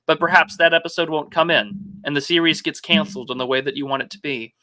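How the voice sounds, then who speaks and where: Bright-toned man musing on a podcast. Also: on the high side, fast talker. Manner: reflective, rhetorical questions. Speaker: podcast host. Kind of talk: casual political chat.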